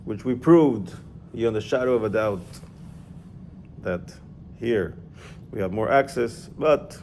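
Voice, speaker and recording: A man's voice: on the low side, expressive, slow, a little mellow, a little hiss or hum. A man teaching an informal religious class, explaining step by step and checking in with his student.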